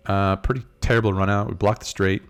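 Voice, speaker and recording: Laid-back low-voiced male poker streamer. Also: little pitch movement, a little fast, clear, resonant tone. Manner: laid-back, chatty, multitasking while reading chat. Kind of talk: casual live-stream poker commentary. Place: in Las Vegas.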